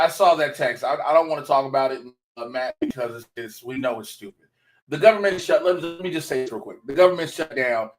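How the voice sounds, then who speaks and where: A man's voice: mid-range voice, poor audio. Loose, profane man hosting a podcast. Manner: loose, profane, offhand asides. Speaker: podcast co-host. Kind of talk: casual chat.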